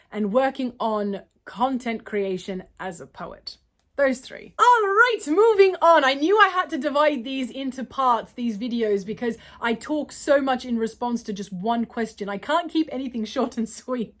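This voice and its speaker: A woman's voice: on the high side, lively intonation, measured pace, fairly bright tone. A young adult woman from Australia answering viewer questions in a casual, long-winded way, often correcting herself. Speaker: vlogger and poet. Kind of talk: casual Q&A chat.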